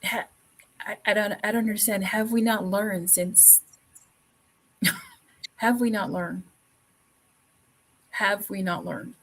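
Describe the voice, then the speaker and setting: A woman's voice: medium pitch, steady tone, slow, pauses often, a bit bright, poor audio. A woman hosting a talk show, speaking earnestly with repeated phrases and many fillers. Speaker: podcast host. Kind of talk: conversational talk show chat.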